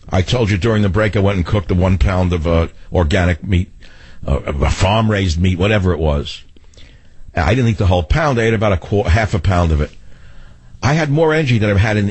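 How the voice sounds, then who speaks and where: An older man hosting a radio talk show, rambling through stories with restarts and lively asides. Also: fairly low pitch, slightly rough, no room sound. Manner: rambling, animated storytelling with restarts. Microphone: studio microphone.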